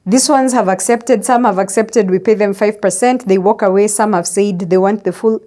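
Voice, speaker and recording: A middle-aged woman with a Kenyan accent talks through her career as an interview guest. She tells her stories with energy and acts out the other people's lines in her own retelling. Her pitch sits at an ordinary middle level for a woman. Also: normal speed. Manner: animated storyteller acting out dialogue. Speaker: guest, business executive. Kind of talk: casual storytelling interview.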